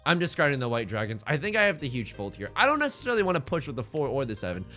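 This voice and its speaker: A man's voice: medium pitch, wildly swooping pitch, rapid-fire, sharp tone, faint music behind. A man streaming a game live, rambling and joking with his chat between plays. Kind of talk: live-stream gameplay commentary.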